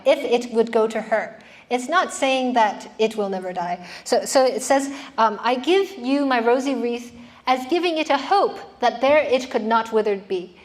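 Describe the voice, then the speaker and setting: A woman giving a classroom lecture on poetry, explaining patiently and putting questions to her students. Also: fairly high pitch.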